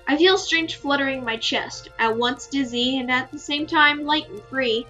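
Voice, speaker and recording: A woman's voice: high voice, moderate pace, hardly any pauses, pushed and bright, muffled recording, soft background music. A woman hosting a gaming video, reading visual novel narration aloud and chatting casually with her viewers. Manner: casual and chatty, sleepy at the close.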